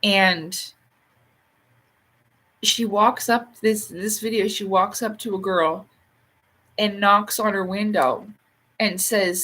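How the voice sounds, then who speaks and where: Chatty woman host on a casual livestream, rambles, laughs easily, swears lightly, jumps into high squeaky voices when quoting people. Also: steady tone, slow pace, pauses often. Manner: reads out and answers viewer comments; acts out quoted lines in sharp, much higher bursts.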